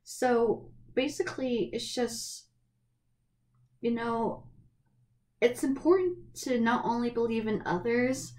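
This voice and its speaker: Tearful and earnest, a young woman in college speaks to her camera slowly, pausing often, in a fairly high, darkish voice that wavers from crying. Her heartfelt vlog monologue is full of restarts.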